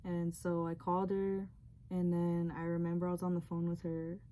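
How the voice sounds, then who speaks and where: Young woman, lowish voice, mellow tone, rambling emotional storytelling, filler-heavy. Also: monotone, normal speed. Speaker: vlogger sharing a testimony.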